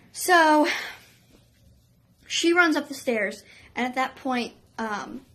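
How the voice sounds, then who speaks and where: A woman telling a story on her vlog in an excitable, chatty way, full of "like" and "um". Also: fairly high pitch, a little hiss or hum. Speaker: vlogger.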